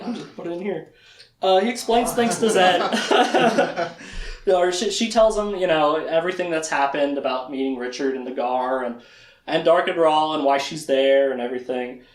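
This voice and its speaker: A man presenting a casual lecture, retelling events and acting out the characters' lines in quick quips. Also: on the high side, roomy sound, slight background noise. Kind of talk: casual lecture with slides and jokes.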